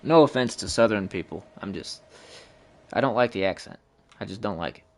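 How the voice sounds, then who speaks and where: A man's voice: lowish voice, animated, fairly quick. A young man from the Midwest chatting casually with his viewers while playing a game live, rambling and cursing freely. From Midwestern United States. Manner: profane, rambling, talks to chat. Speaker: game streamer.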